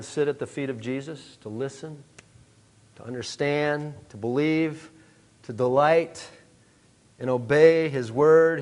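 Earnest higher-voiced male preacher. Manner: earnest, emphatic, many "uh" fillers. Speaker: pastor. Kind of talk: sermon.

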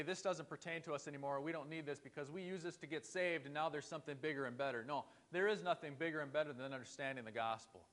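A man's voice: fairly high pitch, a bit bright. A man preaching a sermon in a church, earnest and conversational, asking his listeners rhetorical questions. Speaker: pastor.

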